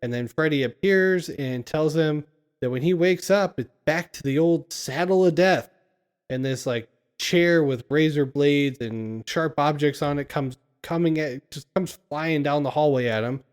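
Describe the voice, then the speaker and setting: A man's voice: a little high, measured pace, clean tone. A man casually recapping a film scene by scene on a podcast, laughing often as he retells it. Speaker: podcast co-host.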